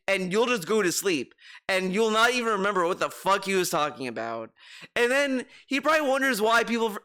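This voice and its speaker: Man, streamer rant, high-pitched, bright and forceful tone, sarcastic, swears a lot. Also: clear, resonant tone. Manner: profane, heated, sarcastic. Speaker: streamer reacting to videos. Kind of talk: ranting commentary.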